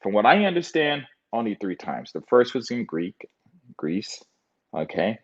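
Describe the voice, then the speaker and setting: An American man with a fairly low voice and big pitch swings talks unhurriedly in a meandering monologue. He uses lots of fillers and loose trains of thought, captured on a dull lo-fi recording.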